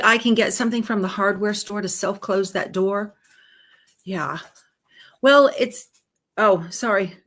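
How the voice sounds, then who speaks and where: A woman's voice: mid-range voice, fairly bright tone. A woman hosting a live sewing stream, chatting casually and reading viewer comments aloud. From Texas. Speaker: host of a live sewing show.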